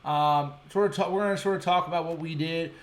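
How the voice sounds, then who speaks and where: A man hosting a fishing show, telling fish stories in casual, excited chat with sound effects and frequent restarts. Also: a little high, quick pace, echoey room.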